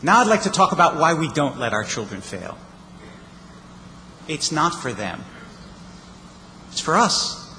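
A man's voice: fairly high pitch, big pitch swings, unhurried, long pauses, bright, forceful tone, slight background noise. Man preaching in a reverberant hall. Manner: storytelling with wry humor. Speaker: rabbi. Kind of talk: sermon. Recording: reverberant hall, faint ambience.

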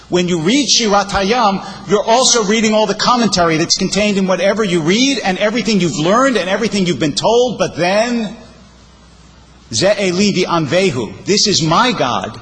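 A man's voice: sits high, fairly bright tone. A male rabbi giving a sermon, explaining verses emphatically and reciting poetry with expression. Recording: long hall reverb.

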